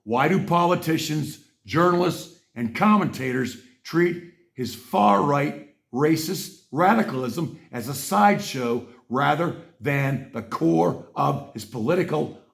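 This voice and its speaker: A man hosting a podcast, reading aloud and reacting in a ranting commentary, swinging from muttering to angry shouting with heavy swearing. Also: fairly high pitch, creaky. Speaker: podcast host.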